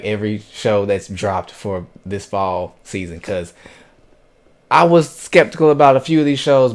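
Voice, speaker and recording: A man casually recapping an anime episode, retelling scenes in an animated way with quoted lines and sound effects. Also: fairly low pitch. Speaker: anime reviewer.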